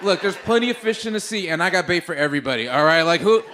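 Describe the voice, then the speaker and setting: A young man from the Bay Area telling a stand-up story on stage into a handheld mic, animated and swearing, with sudden loud outbursts. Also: sits high, quick pace. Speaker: stand-up comedian. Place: stage before a live audience.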